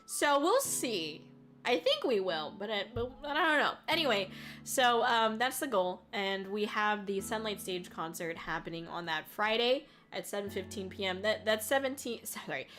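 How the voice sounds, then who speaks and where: A woman's voice: mid-range voice, big pitch swings, moderate pace, fairly bright tone. A woman VTuber chatting casually on a live stream, reading viewer comments, laughing often and swearing as she rambles. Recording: faint music underneath.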